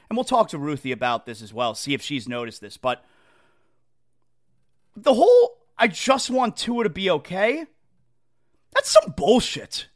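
Animated, exasperated male sports talk host. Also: sits high. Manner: animated, exasperated, mocking quotes. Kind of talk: opinionated sports talk rant.

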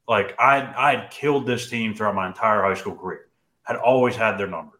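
A young man co-hosting a podcast, telling a personal story in casual chat, animated and full of "dude" and "like". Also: fairly low pitch, brisk, echoey room. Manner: animated, says "dude" and "like" often. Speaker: podcast co-host.

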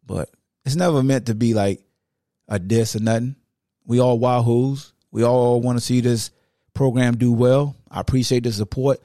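A man's voice: medium pitch, moderate pace, no room sound. Young guy hosting a sports podcast, chill slangy talk, dry close sound. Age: young adult. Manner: relaxed, slangy, conversational.

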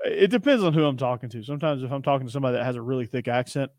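A man's voice: medium pitch, rapid-fire, a little mellow, dry recording, studio quality. A man hosting a sports podcast, chatting and telling stories in an upbeat way. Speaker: podcast host. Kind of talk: casual sports podcast chat.

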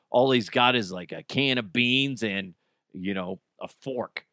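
A solo podcast host with a medium-pitched, bright, forceful voice and lively intonation riffs casually at a measured pace. He jokes, swears, and reads a live ad, captured in a dry, clean studio recording.

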